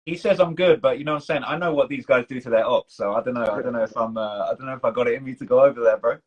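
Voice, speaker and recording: A man's voice: mid-range voice, very fast, slightly rough, lo-fi sound. A man with a British accent, hosting a casual live-stream chat, talking in a loose, slangy way full of fillers and restarts. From United Kingdom. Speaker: documentary channel host.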